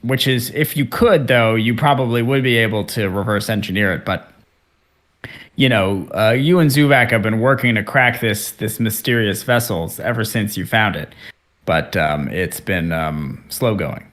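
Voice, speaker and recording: A man's voice: fairly low pitch, normal speed, fairly bright tone. A man running a tabletop game as game master, narrating loosely with many fillers and restarts.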